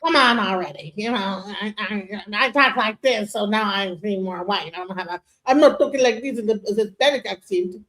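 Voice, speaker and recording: A woman hosting a reaction show, commenting in an animated, incredulous and emphatic way. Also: medium pitch, normal speed, hardly any pauses. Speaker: host.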